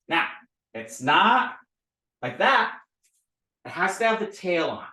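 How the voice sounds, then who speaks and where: Lively male teacher, playful drill style, higher voice, recorded off-mic in an echoey room. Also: takes it slowly, pauses often, far from the mic. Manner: playful, repetitive drilling, animated. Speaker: language teacher. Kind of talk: recorded lesson, drawing letters. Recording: roomy, a bit off-mic.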